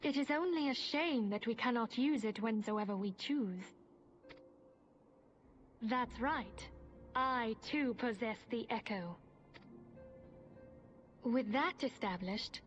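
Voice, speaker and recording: A woman playing a solemn, learned female mage in a game cutscene, speaking in a formal, measured way with archaic phrasing. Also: fairly high pitch. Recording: muffled game audio with soft music.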